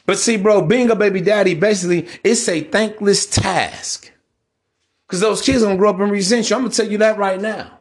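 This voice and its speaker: A man delivering a casual podcast monologue in a blunt, preachy way, with frequent profanity. His voice sits somewhat high for a man. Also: moderate pace. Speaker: podcast host.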